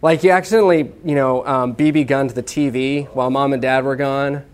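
A man preaching a sermon to a live audience, lively and humorous, checking in with the listeners and acting out what people say. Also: mid-range voice, a little fast, clean tone. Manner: talks to the audience with many "okay?" checks. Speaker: pastor teaching on evangelism.

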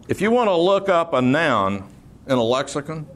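A man's voice: on the high side, sing-song, unhurried, fairly bright tone. A man preaching an expository sermon, explaining terms patiently, repeating key words and slipping in dry humor. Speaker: preacher teaching scripture.

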